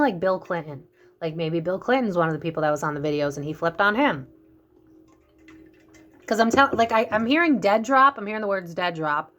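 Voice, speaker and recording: A woman's voice: mid-range voice, a bit bright. A woman giving a casual psychic tarot reading, talking in a rambling way full of fillers and restarts. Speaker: psychic reader.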